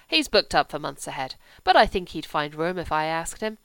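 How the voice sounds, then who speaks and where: A woman's voice: low voice, very animated, normal speed, fairly bright tone, clean tone, no room sound, full character voice. A woman voicing a cheerful, hectoring, self-assured man.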